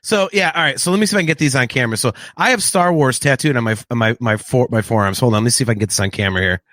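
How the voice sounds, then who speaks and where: A man in his late forties co-hosts a casual podcast and tells stories with animated energy, laughing often. His voice sits at a middle pitch. The close, dry recording has no room sound. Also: racing, dry recording. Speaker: podcast co-host. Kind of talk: casual chat.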